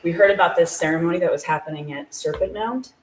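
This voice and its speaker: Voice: medium pitch, fast talker, slight background noise. A guest telling a personal story at a live event, chatty and full of fillers, laughing often. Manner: chatty, filler-heavy with frequent "like". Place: small shop hosting a live event. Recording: echoey room, voice from a distance.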